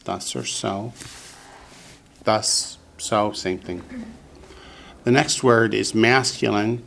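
A man teaching a Hebrew vocabulary lesson to a class, patient and slow, repeating each word for the students. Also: on the low side, gravelly, fairly bright tone, a little hiss or hum.

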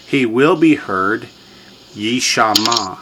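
A man's voice: mid-range voice, unhurried, noisy background. A man teaching a classroom lesson, drilling students with repetition and quiz questions. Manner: drills students, has them repeat words, quizzes them. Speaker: language teacher.

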